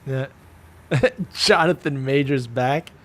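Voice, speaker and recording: A man hosting a casual chat show, talking in an animated way and often repeating his phrases. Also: medium pitch, slow. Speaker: podcast host.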